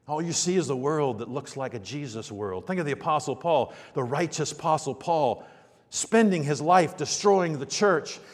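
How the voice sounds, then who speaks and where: A middle-aged male pastor preaches with a high voice. His delivery swings from hushed, quiet stretches to loud, emphatic peaks. Long reverb trails each phrase through the church hall. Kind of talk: sermon.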